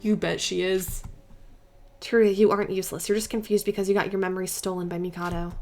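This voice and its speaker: A woman's voice: medium pitch, level tone, fast, darkish tone, natural voice. A woman reading as a firm young detective girl. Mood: determined. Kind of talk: reading game dialogue aloud.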